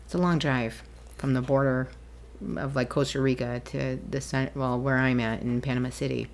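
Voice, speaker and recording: Woman, low voice, solo podcast host, rambling and chatty, laughs easily. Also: fairly even intonation, normal speed, a little hiss or hum. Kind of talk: casual solo podcast monologue.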